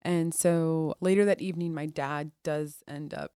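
A woman with a somewhat low voice tells her personal story to an interviewer in a candid, conversational way. She restarts her sentences and often drops soft and quiet. Her voice sounds close and dry, with no room echo. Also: steady tone, unhurried, clean tone. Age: adult. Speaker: podcast guest, Air Force officer.

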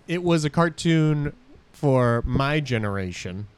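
Lively rambling podcast co-host man. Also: mid-range voice, takes it slowly, smooth. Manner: rambling, self-correcting. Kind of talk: casual chat.

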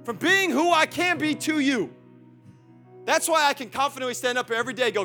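High-voiced man preaching with passion. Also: brisk, bright, forceful tone, faint music behind. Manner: impassioned, emphatic preaching with repeated phrases. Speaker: pastor. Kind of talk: sermon.

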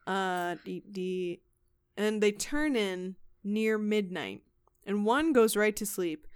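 A woman's voice: mid-range voice, slow, clean tone. A woman hosting a comedy podcast, retelling a ghost story with lots of swearing and laughter. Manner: animated, swears a lot, laughs mid-sentence. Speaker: podcast host.

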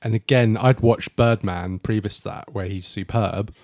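A man's voice: fairly low pitch, moderate pace, darkish tone, dry recording, clean studio sound. A man chatting casually as a podcast co-host reviewing a film, rambling and restarting his sentences.

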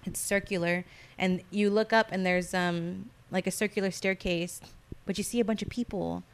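A woman's voice: mid-range voice, fairly even intonation, normal speed. A young woman telling her dreams in casual chat, rambling and full of fillers, acting out what people said. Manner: rambling, filler-heavy storytelling with acted-out quotes. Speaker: guest recounting dreams.

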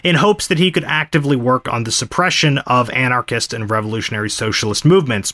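A man's voice: mid-range voice, a bit bright. A man hosting a podcast, telling a history story in a casual, explanatory way. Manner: conversational, explanatory. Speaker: podcast host.

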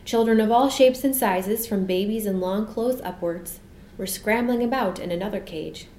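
A woman narrating a children's storybook in a measured, expressive reading, recorded in an echoey room. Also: mid-range voice, slight background noise. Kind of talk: storybook read-aloud.

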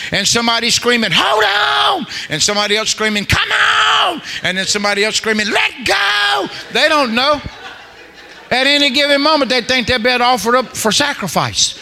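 A man's voice: extremely high pitch, sharp tone, in a large hall. A man preaching a humorous sermon as a guest preacher, telling colloquial, joking stories to a congregation.

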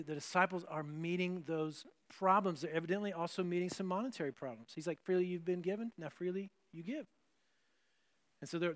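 A man's voice: on the high side, a bit bright. A man pastor giving a conversational sermon, often restarting phrases and adding asides.

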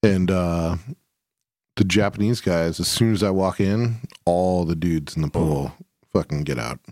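A man with a low, deep voice talks in a loose, rambling way, swearing freely. He sounds relaxed and chatty. The recording is close and dry, with no room echo. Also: unhurried. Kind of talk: casual chat.

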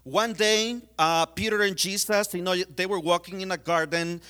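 A man's voice: high voice, fairly even intonation, normal speed, bright, forceful tone, smooth. A man giving a sermon in a conversational way, with many fillers, retelling scenes. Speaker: preacher.

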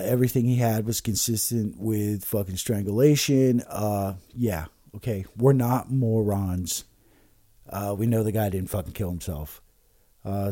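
A man talks alone into a podcast mic, rambling and swearing freely, stumbling over restarts and fillers. He is drinking shots of liquor as he goes. His voice is dark and mellow, and the recording sounds dry and close. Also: medium pitch, no room sound. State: drinking shots while talking. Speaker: podcast host. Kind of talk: casual rambling monologue.

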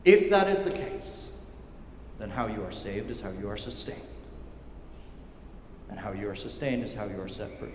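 A male pastor preaching a sermon emphatically and with repetition, often dropping to a quiet intensity. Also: fairly low pitch, very animated, normal speed, pauses often, noisy background. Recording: echoey hall with long reverb.

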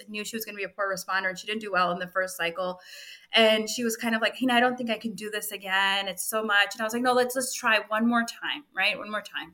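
A middle-aged woman, a fertility physician assistant, telling an emotional story on a podcast in lively reported speech. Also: medium pitch. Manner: animated, frequent "I was like" reported speech.

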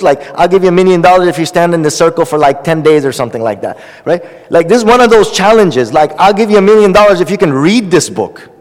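Impassioned man preaching in a reverberant hall. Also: high-pitched. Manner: passionate, pleading, rising and falling emphasis, repeats phrases. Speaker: Islamic teacher of hadith. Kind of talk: impassioned sermon.

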